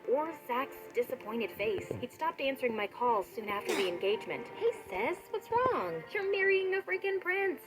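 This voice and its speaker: A woman reading a dramatic story aloud while playing a game, casual and animated in manner. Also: on the high side. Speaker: storytime gamer.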